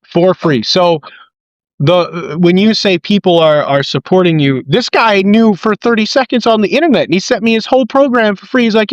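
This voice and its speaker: A man hosting a casual podcast, telling stories with animated, excitable energy. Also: normal speed, no room sound. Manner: excitable storyteller, quoting people with big jumps in pitch. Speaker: podcast host and ring announcer. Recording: dull lo-fi dry mic.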